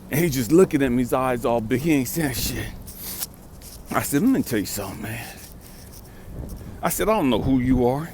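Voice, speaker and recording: A man's voice: mid-range voice, very animated, normal speed, long pauses, darkish tone, slight background noise. A man in his fifties from California, telling a blunt, profane story with emphatic repetition as a vlogger and life coach. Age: 50s. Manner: emphatic, street-talking, repeats for stress.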